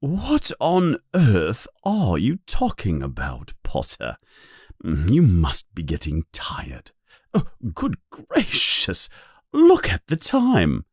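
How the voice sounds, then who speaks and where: Brief: vain chatty wizard professor, man voicing, pompous, slow and dry, storybook. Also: lowish voice, wildly swooping pitch, a little mellow, slightly rough, dry recording, heavily acted. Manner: pompous, self-pleased. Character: vain cheerful male wizard teacher. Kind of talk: storybook reading.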